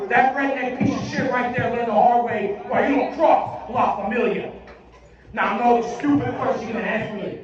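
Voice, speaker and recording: A man cutting a wrestling promo, boastful and aggressive, swearing and shouting over a crowd. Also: extremely high pitch, normal speed. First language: Spanish. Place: indie wrestling arena, crowd around. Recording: distant, echoey, dull arena sound.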